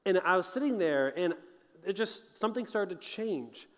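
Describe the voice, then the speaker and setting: A man's voice: high voice, animated, normal speed, in a large hall. A man giving an earnest, conversational chapel talk to college students as a motivational speaker.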